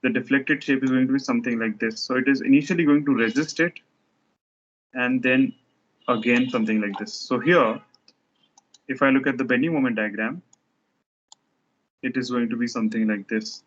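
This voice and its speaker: A man's voice: mid-range voice, normal speed, pauses often, lo-fi sound. A man teaching a structures lecture, explaining step by step while he sketches diagrams, often restarting his sentences.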